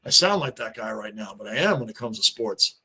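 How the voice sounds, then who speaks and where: A man's voice: fairly low pitch, expressive, a little fast, pushed and bright, slightly rough. A middle-aged man, hosting a casual livestream, talking on and answering chat, often repeating himself. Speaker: livestream host.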